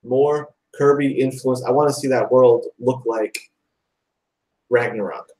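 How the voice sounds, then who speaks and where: A man hosting a live online talk show, chatting excitedly and rambling, with lots of "like" and "dude". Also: medium pitch, measured pace, poor audio. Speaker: host. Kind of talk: casual chat.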